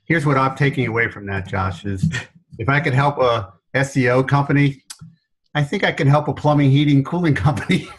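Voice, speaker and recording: Middle-aged guy, faint new york accent, telling stories with lots of laughs, pretty lively. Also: mid-range voice, fairly quick, breathy edge, low-quality recording. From New York area. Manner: animated, self-deprecating, laughs often. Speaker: guest consultant. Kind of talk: storytelling interview answers.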